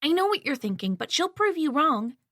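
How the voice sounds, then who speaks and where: A woman's voice: a little high, a little fast, fairly bright tone, no echo, clean studio sound, lightly acted. A woman voicing an eager young man, a younger brother, speaking earnestly and pushing hard in an audiobook. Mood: pleading. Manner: earnest, pushy.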